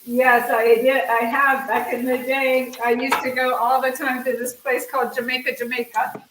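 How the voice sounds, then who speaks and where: High-voiced woman, far off in an echoey kitchen. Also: flat delivery, moderate pace. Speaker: co-host cooking remotely. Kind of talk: casual chat. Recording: distant, echoey, noisy kitchen.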